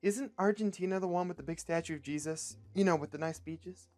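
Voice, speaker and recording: A man's voice: high-pitched, a little fast, soft background music, natural voice. A man doing a sweet dreamy woman. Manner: soft, airy, gentle.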